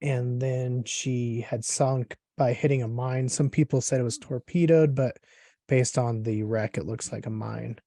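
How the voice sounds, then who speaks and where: A man hosting a casual interview, talking in a relaxed, rambling way with lots of fillers. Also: mid-range voice, a little slow, no room sound, studio quality. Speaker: podcast host.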